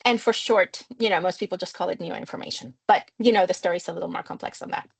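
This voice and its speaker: A middle-aged woman from Mexico who speaks English as her second language gives a seminar lecture. She explains clearly and engagingly, often drawing on personal stories. The talk comes through a video call. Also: fairly low pitch, fast. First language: Spanish. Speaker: linguistics researcher giving a seminar talk. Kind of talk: academic lecture.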